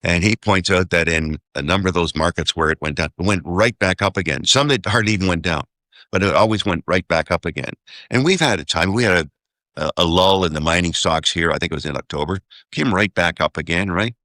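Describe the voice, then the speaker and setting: Low-voiced man, rambling through sums. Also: fairly quick, bright, forceful tone, dry recording, clean studio sound. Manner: rambling, does sums aloud, keeps asking "okay?". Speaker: investor guest. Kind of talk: casual interview talk.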